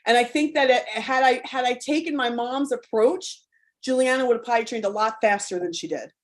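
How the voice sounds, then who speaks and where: A woman's voice: on the high side, brisk. A woman coach giving a live online talk to parents, frank and spirited, cursing freely in a conversational, rallying way.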